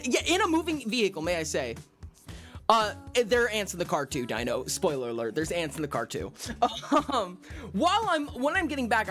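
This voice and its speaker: Male streamer, lively swooping voice, swears a lot, faint music behind. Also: sits high. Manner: animated, profane, exclamatory storytelling. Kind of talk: casual storytelling while streaming.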